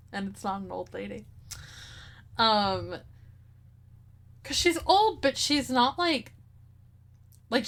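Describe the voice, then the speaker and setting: A woman's voice: medium pitch, fairly bright tone. A young woman streaming a game, chatting casually, giggling often and swearing freely.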